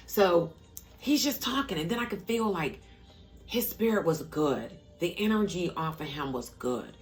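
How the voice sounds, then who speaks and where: A middle-aged woman vlogger telling a personal story in a casual, animated way, acting out what others said. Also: normal speed, soft background music. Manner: animated storyteller, acts out quotes in a higher voice. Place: parked car.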